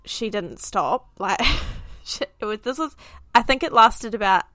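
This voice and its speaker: A woman's voice: mid-range voice, measured pace, bright, forceful tone, dry recording. A woman with a New Zealand accent, co-hosting a parenting podcast and telling a story in casual chat full of fillers. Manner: chatty storytelling with frequent fillers and laughs. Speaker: podcast co-host, mother.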